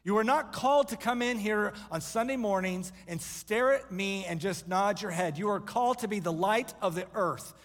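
A man preaching a sermon to his congregation, emphatic, with quick joking asides to the room. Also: sits high, a bit bright. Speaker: pastor. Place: church sanctuary. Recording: live church hall reverb.

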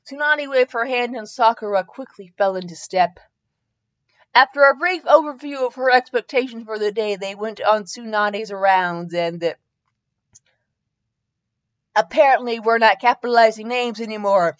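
A woman's voice: on the high side, normal speed, muffled recording. Woman reading fanfiction aloud, stumbling over typos. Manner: stumbles, laughs at typos and corrects herself. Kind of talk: comedic dramatic reading with asides.

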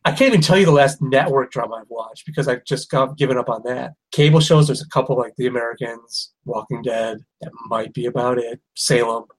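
A man's voice: mid-range voice, brisk, few pauses, breathy edge, poor audio. A man in his thirties co-hosting a podcast, trading jokes and strong opinions in casual chat. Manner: joking, irreverent, opinionated. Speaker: podcast co-host.

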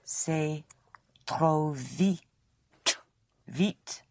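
A woman student giving slow, hesitant answers phrase by phrase in a language lesson. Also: deep voice, warm tone, slight background noise. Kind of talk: repeating French phrases in a lesson.

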